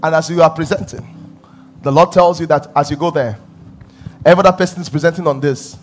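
Male preacher, high voice, punchy repeated phrases, faint music underneath. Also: quick pace. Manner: emphatic, repeating phrases for stress; animated storytelling, often laughing. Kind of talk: sermon.

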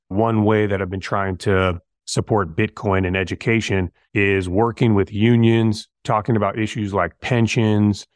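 A middle-aged man, a firefighter guest, telling stories in a relaxed, slangy way and acting out bits of dialogue. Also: on the low side, dry recording, studio quality. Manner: laid-back, slangy, acts out dialogue. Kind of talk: casual storytelling interview.

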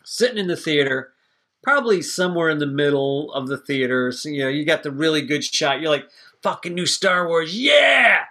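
In a casual movie review chat, a man co-hosting a podcast rambles and swears freely while sharing strong opinions about the film. His voice is fairly high-pitched and a bit bright, and he speaks briskly.

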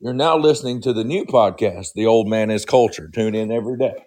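A hoarse man calling in to a podcast, talking quickly and jokingly. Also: lowish voice, heavy background noise. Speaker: caller.

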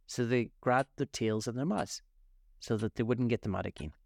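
A man's voice: medium pitch, gravelly, a little mellow, no echo, lightly acted. A man reading a storybook aloud, voicing an impatient, bossy griffin who explains things matter-of-factly. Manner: brisk, impatient, matter-of-fact.

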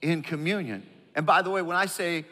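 A man's voice: fairly high pitch, fairly quick, bright, forceful tone, big-room sound. A man from the northern United States preaching a sermon, emphatic and calling the congregation to repeat lines after him. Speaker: pastor. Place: large church auditorium.

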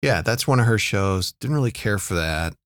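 A man's voice: on the low side, animated, normal speed, fairly bright tone, no echo, clean studio sound. A man co-hosting a casual TV review chat, talking in a hesitant, conversational way with frequent restarts. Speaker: podcast co-host.

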